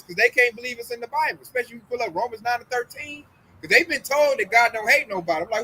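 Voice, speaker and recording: High-voiced, fast-talking preaching man. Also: sharp tone, slight background noise, low-quality recording. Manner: emphatic preaching, heavy slang, acts out quoted voices. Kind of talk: casual religious talk.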